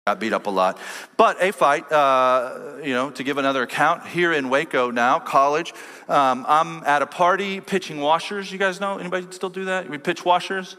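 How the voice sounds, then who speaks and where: Preaching pastor in a big reverberant hall. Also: male voice, normal speed. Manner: storytelling, swings from loud preaching to low quiet lines. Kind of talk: sermon. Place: large church hall. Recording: long church-hall reverb.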